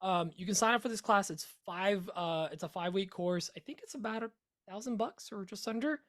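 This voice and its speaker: Laid-back rambling podcast co-host. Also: male voice, high voice, a little fast, fairly bright tone. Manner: rambling, jokey, laughs often. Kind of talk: casual chat.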